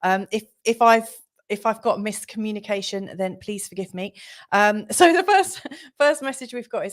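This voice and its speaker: A woman's voice: medium pitch, moderate pace. A middle-aged woman hosting a live astrology show, chatting casually with many ums and apologies. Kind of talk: casual livestream chat.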